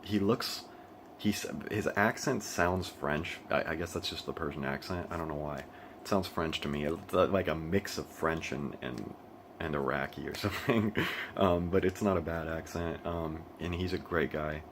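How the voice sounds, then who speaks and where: A man's voice: very deep voice, normal speed, background noise. A young American man talking casually to camera in a rambling monologue, restarting his sentences often and laughing between thoughts. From United States. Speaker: vlogger. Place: living in Asia.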